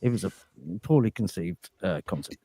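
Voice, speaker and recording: An English man on a podcast, rambling through crude banter with lots of halting restarts. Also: low voice, animated, mellow, dry recording. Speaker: podcast guest.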